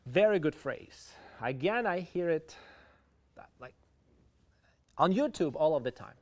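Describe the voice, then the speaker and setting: A man's voice: a little high, lively intonation, a little slow, darkish tone. A man with a Ukrainian accent giving an online English lesson, explaining idioms and asking viewers to answer in the chat. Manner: explains idioms, switching between English and Russian. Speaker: English teacher. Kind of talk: online lecture.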